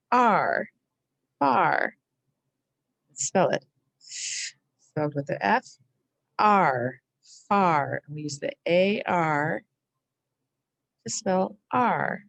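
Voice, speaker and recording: A middle-aged woman teaching a slow spelling lesson, overpronouncing each sound and syllable. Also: fairly low pitch, expressive, creaky, dry recording.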